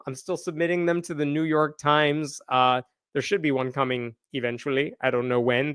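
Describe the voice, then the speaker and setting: A man's voice: fairly high pitch, a bit bright, smooth, dry recording. A man hosting a live news commentary show, blunt and sarcastic, talking close to a desk mic. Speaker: host.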